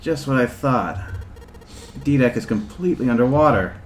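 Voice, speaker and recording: A man voicing a brisk young male lead in a game reading, with plain, direct delivery. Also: medium pitch, expressive, soft background music, close to an everyday voice, rough recording. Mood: earnest.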